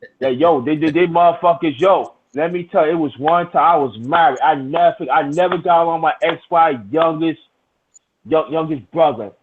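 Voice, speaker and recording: A man's voice: fairly high pitch, moderate pace. A middle-aged man telling a rowdy, profane story in casual chat, full of restarts. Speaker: storyteller in a hangout. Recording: tinny, phone-like lo-fi sound.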